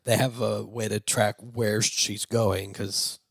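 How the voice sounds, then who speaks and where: Guy w a gravelly voice recapping a movie, laughing a lot, dry close sound. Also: fairly low pitch, takes it slowly, no room sound. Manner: animated retelling, acts out lines, laughs often. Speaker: podcast co-host. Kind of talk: casual movie review chat.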